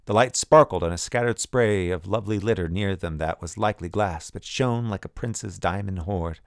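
A man narrating a first-person adventure story in a measured, vivid reading. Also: low-pitched, creaky, no echo, studio quality. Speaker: audiobook narrator.

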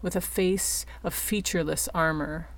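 A woman narrating a story in a slow, deliberate audiobook reading style. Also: on the low side, fairly even intonation.

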